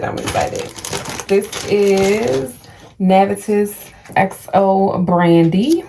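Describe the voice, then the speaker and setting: A young woman vlogging a perfume unboxing, gushing and excited, stumbling over brand names. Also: on the low side, slight background noise. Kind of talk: casual unboxing vlog. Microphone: phone.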